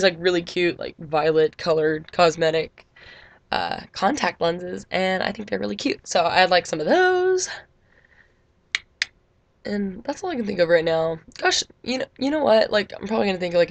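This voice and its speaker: A woman's voice: lowish voice, gravelly, dry recording. A young woman vlogging casually to the camera, rambling and chatty, filling her talk with "like". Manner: chatty, rambling, heavy use of "like".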